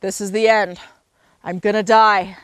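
A woman voicing a young, earnest male beaver in a told story, speaking in a low, hushed murmur. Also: level tone, measured pace, smooth, no echo, close to an everyday voice. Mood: frightened.

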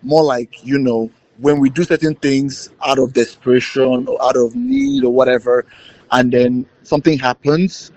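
A man's voice: medium pitch, normal speed, a little mellow, poor audio. Man talking loosely about his film. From Nigeria. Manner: rambling, many fillers and restarts. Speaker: filmmaker. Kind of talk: interview answers.

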